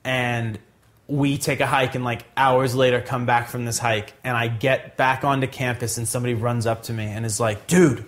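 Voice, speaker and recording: A man's voice: mid-range voice, normal speed. A young man casually telling a long story, rambling with constant fillers and acting out the people he quotes. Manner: rambling, heavy use of "like", animated quoting. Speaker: podcast co-host.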